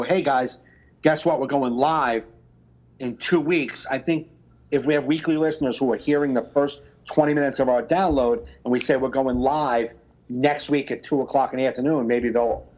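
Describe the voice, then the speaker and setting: Man, podcast co-host, casual rambling chat, animated storyteller, slightly dull lo-fi audio. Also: mid-range voice, brisk.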